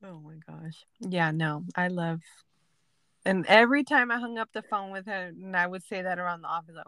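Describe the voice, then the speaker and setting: A young woman co-hosting a podcast, telling stories in a lively, casual way and swearing freely. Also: on the low side, normal speed, dry recording. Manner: animated storytelling, swears casually. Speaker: podcast co-host. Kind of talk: casual chat.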